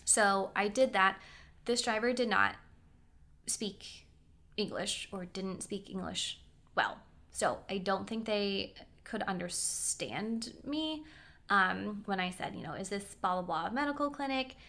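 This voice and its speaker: Young woman vlogger, bright voice, chatty storyteller who acts out her own reactions. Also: mid-range voice, slow. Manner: chatty, animated storytelling with quoted voices and asides. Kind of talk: casual storytelling.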